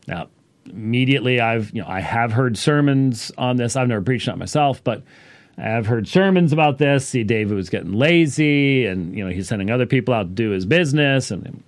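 A man teaching on a Bible passage in a casual, halting way, full of fillers and restarts. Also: medium pitch, expressive, dry recording. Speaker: pastor.

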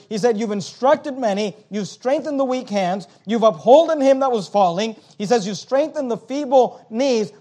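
Male pastor, high voice, evening sermon, verse-by-verse teaching, restarts and fillers, louder on scripture quotes. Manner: repeats words, frequent uh fillers.

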